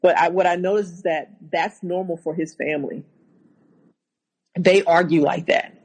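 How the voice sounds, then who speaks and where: A woman telling her own story as a podcast guest, halting and repeating herself, acting out what was said. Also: lowish voice, steady tone, darkish tone, husky, rough recording. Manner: halting, repeats words, acts out quotes. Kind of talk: personal account in a podcast interview.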